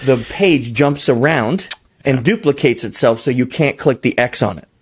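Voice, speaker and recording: A man telling stories as a podcast guest in a casual, animated way, his voice jumping high when he gets excited. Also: moderate pace, slightly rough. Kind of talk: casual storytelling.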